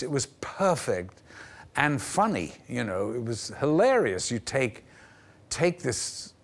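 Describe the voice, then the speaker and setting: An older man tells his stories with relish as a TV guest. He is an animated raconteur who lets his pitch rise and fall as he acts out the people in his anecdotes. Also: slow, vocal fry. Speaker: actor guest. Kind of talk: anecdotal interview storytelling. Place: television studio.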